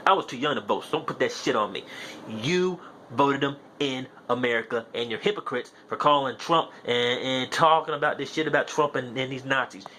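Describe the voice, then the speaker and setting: This young man hosts a podcast and goes off in a heated, profane monologue, repeating his points insistently. He talks fairly quickly in a mid-range voice with a bright, forceful tone, and there's a slight hiss or hum.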